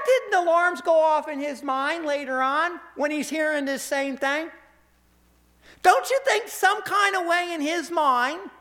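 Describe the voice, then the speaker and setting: A male pastor preaching a sermon, telling a Bible story with lively acted-out quotes. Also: extremely high pitch, unhurried. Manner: animated storytelling, acts out quoted voices.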